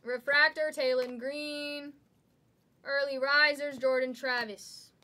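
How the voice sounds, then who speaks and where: A woman hosting a live trading card break, excitedly calling out each card as she pulls it. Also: sits high. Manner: excitable, calls out cards rapidly.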